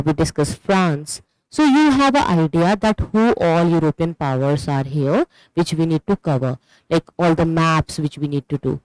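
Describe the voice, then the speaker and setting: A teacher with an Indian English accent delivers an online history lecture for exam preparation. The voice is clear and smooth, with a dry, close sound and no room echo. The delivery explains step by step and keeps checking in with "okay" while pointing things out on a map. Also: medium pitch, darkish tone.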